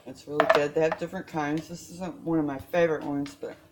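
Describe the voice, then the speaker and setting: A woman's voice: low voice, fairly even intonation, fast talker. A woman chatting her way through a casual home cooking demonstration, rambling and interrupting herself as she goes. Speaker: home cook showing recipes. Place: home kitchen. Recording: echoey room with background noise.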